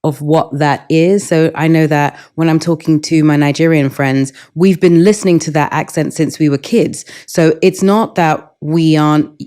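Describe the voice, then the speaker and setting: A woman's voice: deep voice, fairly even intonation, normal speed. A woman with a London accent, a guest in an interview, speaking in a thoughtful and reflective way. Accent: London English. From England. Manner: thoughtful and reflective, gentle laughs. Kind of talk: relaxed interview conversation.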